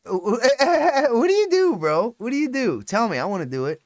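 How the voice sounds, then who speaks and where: A man's voice: extremely high pitch, very animated, moderate pace, few pauses, dry recording, studio quality. Rambling, foul-mouthed man on a live stream. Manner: profane, rambling, laughs often. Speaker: livestream host. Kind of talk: casual live-stream chat.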